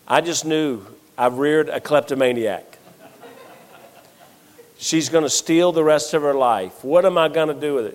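Man preaching in a reverberant hall. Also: medium pitch. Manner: animated storytelling, acts out quoted voices. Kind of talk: sermon with humorous stories. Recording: long reverb of a large hall.

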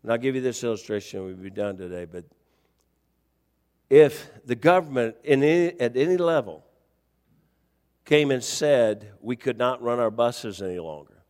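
A male pastor preaching a sermon, telling a story and rising to near-shouts as he acts out the exchange. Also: medium pitch, moderate pace, long pauses, long reverb tail.

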